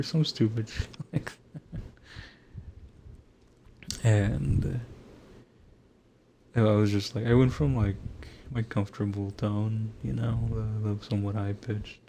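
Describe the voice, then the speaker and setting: A young man with a gravelly, slightly low voice that sits dark and mellow rather than bright. He talks in a loose, rambling way, swears freely, laughs often and keeps restarting his sentences, like he's catching up with friends at home. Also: steady tone, unhurried, pauses often, slight background noise. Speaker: gamer talking to viewers. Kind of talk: casual rambling chat.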